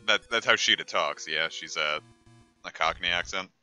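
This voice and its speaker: A male streamer gives loose, joking gameplay commentary in a lowish voice with a sharp, tense edge. He rambles and trails off with lots of "uh" and "like", with faint game music underneath. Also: normal speed. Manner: joking, rambling asides with many fillers.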